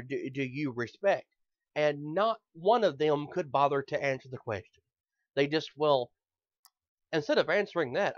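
A man's voice: fairly high pitch, dry recording, muffled recording. A man hosting a podcast in casual chat, rambling and swearing, often stammering as he builds up steam. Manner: rambling, profane, stammers when worked up. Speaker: podcast host.

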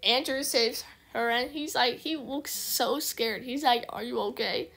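A woman vlogger rambling excitedly through a casual movie recap, full of restarts. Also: high voice, unhurried.

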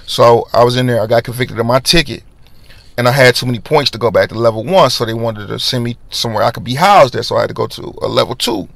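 A man hosting a podcast, casually telling a personal story in slangy, animated talk and acting out the voices of people in it. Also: mid-range voice, quick pace, vocal fry, dry recording.

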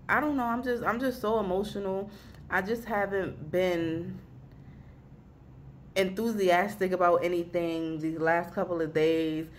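A young woman talking at her home desk in a casual vlog, rambling and halting, close to tears. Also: lowish voice, a little hiss or hum. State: weepy, emotional. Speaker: vlogger.

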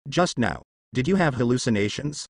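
A man's voice: medium pitch, expressive, normal speed, dry recording, clean studio sound. A man voicing a young vengeful ninja, a boy turned into a girl, who mutters in a cold, determined way. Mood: grim.

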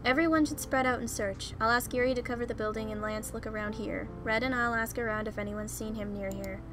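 A woman voicing a calm, level-headed young male leader in a game read-through, speaking in a commanding way. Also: on the high side, brisk, background noise, lightly acted. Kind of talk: reading game dialogue aloud.

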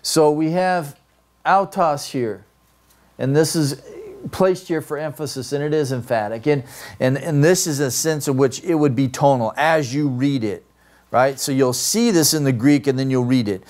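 A man lecturing a class on grammar. He explains patiently, step by step, and keeps checking in with his students as he goes. His voice sits at an ordinary middle pitch. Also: normal speed, a little mellow. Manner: explanatory, asks "right?" often. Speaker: Greek grammar teacher.

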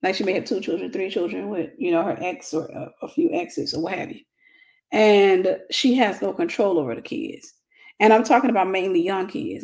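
A woman's voice: mid-range voice, darkish tone. Blunt, joking woman teacher. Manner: blunt, humorous, colloquial. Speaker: Christian relationship teacher. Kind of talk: casual teaching talk.

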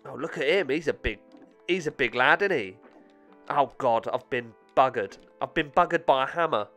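A man giving excitable, self-mocking let's-play commentary with frequent swearing. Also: mid-range voice, normal speed, soft background music. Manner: excitable, swearing, laughing at himself. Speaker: gaming channel host.

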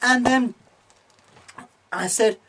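Woman comic doing a hysterical rant, high and swooping, unhurried delivery. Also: fairly bright tone. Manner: shrieking, hysterical outbursts. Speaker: comedy sketch performer.

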